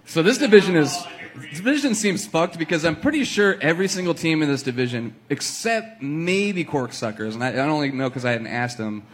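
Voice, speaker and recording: A man's voice: a little high, lively intonation, a little fast, fairly bright tone. Laid-back man co-host. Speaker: podcast co-host. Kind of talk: casual chat.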